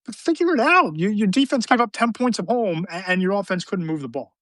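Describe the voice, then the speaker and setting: A man's voice: high voice, lively intonation, fairly quick, fairly bright tone, no room sound. A man hosting a sports podcast, talking in an emphatic, opinionated way about coaches. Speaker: podcast host. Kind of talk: casual sports talk.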